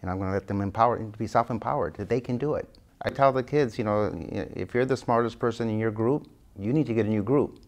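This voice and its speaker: A man's voice: lowish voice, fast talker, darkish tone. A man being interviewed as an author, telling stories animatedly and acting out the dialogue he quotes. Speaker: guest author. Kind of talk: interview storytelling.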